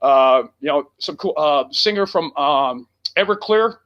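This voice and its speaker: A man's voice: a little high, expressive, measured pace, lo-fi sound. A man who fronts a rock band, telling a road story in casual chat, rambling and swearing with lots of fillers. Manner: rambling and profane, heavy with fillers. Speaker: guest, rock band singer.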